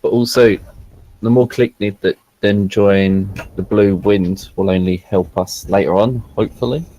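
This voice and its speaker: Low-voiced man calmly suggesting plans. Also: unhurried, poor audio. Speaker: player.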